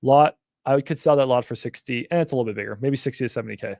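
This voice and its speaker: A man's voice: medium pitch, racing, vocal fry, a little mellow, no echo, clean studio sound. A young man hosting a casual livestream, talking bluntly and animatedly, with frequent swearing. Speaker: livestream host.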